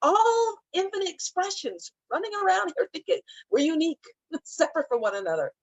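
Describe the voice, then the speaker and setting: A middle-aged woman speaking as a spiritual teacher, talking gently and emotionally about grief and often repeating her phrases. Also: extremely high pitch, sing-song, brisk, no echo, muffled recording. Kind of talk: heartfelt talk on grief.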